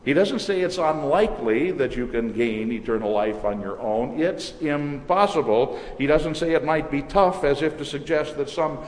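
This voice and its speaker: A man's voice: on the high side, moderate pace, few pauses. A male pastor preaching a sermon, telling the story dramatically with shifting emphasis. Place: church sanctuary. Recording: echoey church hall, faint noise.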